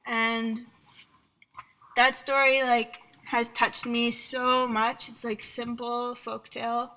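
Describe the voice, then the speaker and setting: A woman's voice: a little high, level tone, slow, bright, forceful tone, poor audio. A young woman, a podcast guest, chatting casually and telling a folktale with frequent laughter. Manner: laughs often, storytelling. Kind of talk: casual interview chat.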